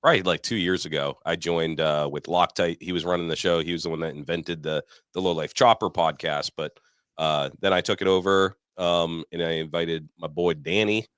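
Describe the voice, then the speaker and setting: A man from New Hampshire, his voice very low yet bright and forceful. He jokes in a laid-back, sweary way, recorded dry and close. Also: fairly even intonation, normal speed, clean tone, dry recording. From New Hampshire, USA. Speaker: podcast co-host guest. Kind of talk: casual chat.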